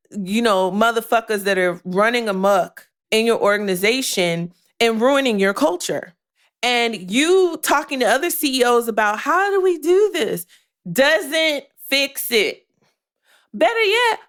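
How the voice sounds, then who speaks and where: A woman's voice: on the high side, fairly bright tone. A woman with hosting a career podcast, speaking bluntly and animatedly to her listeners and swearing freely as she coaches them. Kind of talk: casual podcast monologue.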